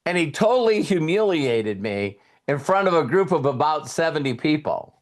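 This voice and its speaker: A man's voice: a little high, sing-song, moderate pace, few pauses. A man hosting a live online mentoring session, telling stories in a chatty way and speaking straight to his audience. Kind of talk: casual motivational talk.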